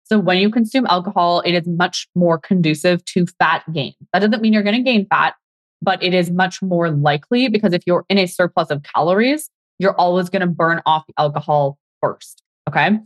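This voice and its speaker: A woman's voice: lowish voice, normal speed, no echo. A woman fitness coach hosting a podcast, talking in a chatty, upbeat way and speaking straight to her listeners. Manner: chatty, upbeat, keeps saying "you guys". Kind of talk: live podcast talk, reading out audience chat.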